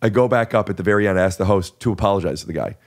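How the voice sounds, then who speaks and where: Low-voiced man rambling through a story. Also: very fast. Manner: rambling, self-questioning storyteller. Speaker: podcast host. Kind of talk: casual chat. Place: podcast studio.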